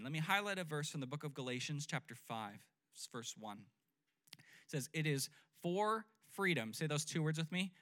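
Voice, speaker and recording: A man's voice: mid-range voice, fairly bright tone. A man preaching a sermon as pastor, talking conversationally, asking questions and leading the congregation in repeating phrases. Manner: conversational preaching with call-and-response, varying pace and emphasis.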